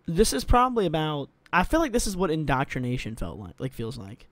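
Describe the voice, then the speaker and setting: Animated, profane young man reacting to videos. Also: a little high, brisk, no room sound. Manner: rambling, profane, jokey, animated. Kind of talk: casual reaction chat.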